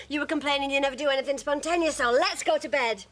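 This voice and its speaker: An actress playing a lonely, brash middle-aged woman in a TV soap drama, teasing and flirtatious. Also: fast. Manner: teasing, loud, swoops in pitch.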